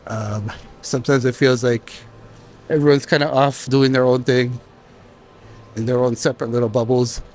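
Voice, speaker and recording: A man vlogging, telling a relaxed story with many fillers and restarts. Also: medium pitch, moderate pace, soft background music. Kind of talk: casual storytelling narration.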